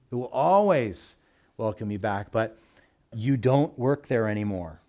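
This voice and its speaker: Male pastor, mid-pitched, plainspoken, casual sermon delivery. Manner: relaxed, folksy, speaks with everyday work analogies. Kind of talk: conversational sermon.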